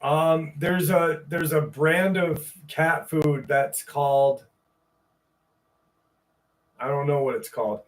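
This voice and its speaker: A man's voice: on the high side, fairly even intonation, slow, long pauses. A man hosting a live stream, chatting casually with his audience in a loose, joking way that is full of swearing, then reading a story aloud. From upstate New York. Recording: voice a bit distant from the mic.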